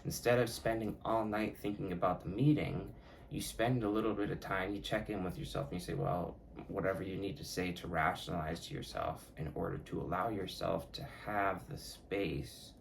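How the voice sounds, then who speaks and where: Gravelly low-voiced man musing on a podcast. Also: steady tone, normal speed, slight background noise. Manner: rambling, profane, self-correcting. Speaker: podcast host. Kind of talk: casual solo podcast talk.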